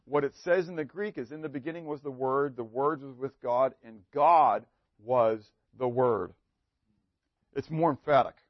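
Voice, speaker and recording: Emphatic male preacher, dull recording. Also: dry recording. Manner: asks the congregation questions and answers them; swings from emphatic to very soft and low. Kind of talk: sermon.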